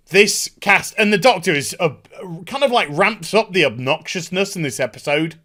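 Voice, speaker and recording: Male TV reviewer, high animated voice, scornful casual rant. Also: moderate pace. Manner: sarcastic, sweary, mocking. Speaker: YouTube TV reviewer.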